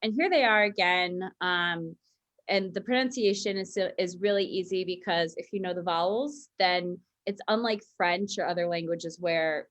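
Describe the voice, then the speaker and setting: A woman giving a casual language lesson, chatty and correcting herself as she goes, slowing down to read word lists. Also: fairly low pitch, fairly bright tone. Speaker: Spanish teacher on a show.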